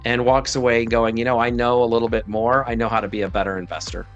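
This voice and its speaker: A man's voice: mid-range voice, flat delivery, fast talker, muffled recording, soft background music. A man speaking as a guest financial advisor in a casual interview, direct and emphatic with blunt opinions.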